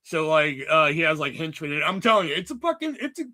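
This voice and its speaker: A man's voice: fairly high pitch, sing-song, fast talker, bright, forceful tone. A man hosting a livestream, chatting casually about movies in a rambling, sarcastic way full of swearing. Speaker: livestream host.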